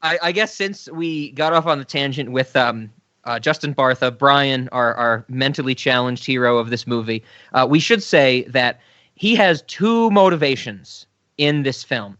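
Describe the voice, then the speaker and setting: A man's voice: mid-range voice, measured pace, pushed and bright, no echo, muffled recording. A man co-hosting a podcast in casual chat, laughing often and rambling off on tangents. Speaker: podcast co-host.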